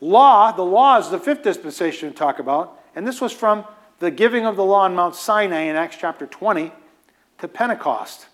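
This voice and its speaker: A male preacher with a fairly high voice teaches in a loose, conversational sermon style. He hammers points home by repeating key phrases and drops casual asides as he goes. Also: expressive, moderate pace, a bit bright. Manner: emphatic, repeats phrases for stress.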